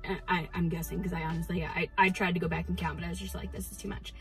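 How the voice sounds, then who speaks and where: A young adult woman, a teacher, chatting excitedly to camera in a casual vlog, full of fillers and quick restarts. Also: fairly low pitch, faint music behind, rough recording. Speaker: teacher vlogger.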